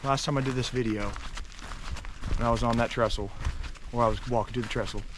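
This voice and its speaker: A man vlogging casually outdoors near railroad tracks, rambling with many fillers and sometimes dropping to a hush. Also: medium pitch, fairly even intonation, brisk, background noise. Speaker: urban explorer vlogger. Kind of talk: casual vlog narration.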